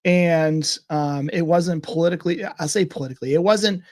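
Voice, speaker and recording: A man's voice: on the high side, moderate pace, darkish tone. A man co-hosting a casual political talk show, rambling and searching for the right words. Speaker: co-host.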